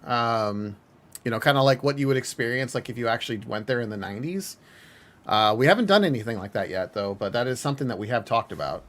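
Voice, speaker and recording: A man's voice: mid-range voice, expressive, fast talker, a bit bright. A man from the UK hosting a casual gaming chat with friends, offhand and chatty. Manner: offhand, says things in put-on accents. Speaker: channel host.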